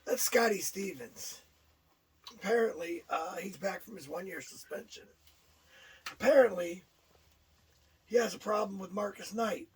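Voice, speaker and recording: A brash man trash-talking on a wrestling talk show, with a high-pitched voice. He is sarcastic and mocks his co-host's answers. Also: a little slow, pauses often, slightly rough.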